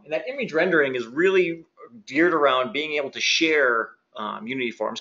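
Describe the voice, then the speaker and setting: A man presenting a software webinar, adding upbeat, chatty commentary on new features. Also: medium pitch, muffled recording. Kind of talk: webinar walkthrough.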